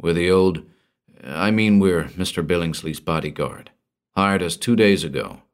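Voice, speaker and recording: A man reading a story aloud, voicing a tough hired bodyguard who talks bluntly in a gruff, raspy way. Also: sits low, measured pace.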